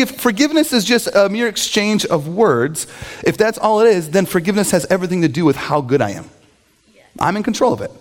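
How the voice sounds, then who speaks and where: Animated man preaching with lively pitch. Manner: animated storytelling, acts out quotes, laughs often. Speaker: pastor. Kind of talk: sermon.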